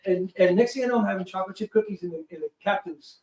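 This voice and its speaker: High-voiced man telling a lively, profane story. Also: fast, a little hiss or hum. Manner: animated storyteller who acts out quotes and swears freely. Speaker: guest, film producer. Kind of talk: casual storytelling. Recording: roomy sound from a distant mic.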